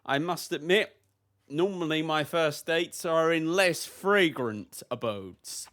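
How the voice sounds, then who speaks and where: A man's voice: a little high, animated, slow pace, fairly bright tone. A man playing a pompous, flirtatious male bard who speaks in grand, flowery phrases. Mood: grandiose.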